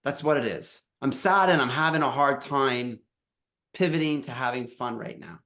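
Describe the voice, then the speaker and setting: A man in his thirties sharing a personal story as a dad coach, emotional and halting, often restarting his words. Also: mid-range voice, a bit bright. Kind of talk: personal storytelling in a podcast chat.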